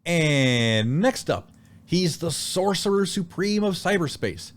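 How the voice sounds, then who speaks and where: A man hosting a casual podcast, who introduces guests in a loud, showy announcer style and laughs easily. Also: a little high, animated, slow. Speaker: podcast host. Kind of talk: casual chat, comedic intros.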